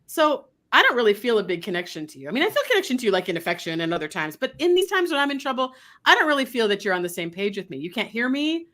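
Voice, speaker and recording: A woman voicing a worried dog that earnestly and haltingly pleads with its owner to be heard. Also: fairly high pitch, very animated, fairly bright tone. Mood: pleading.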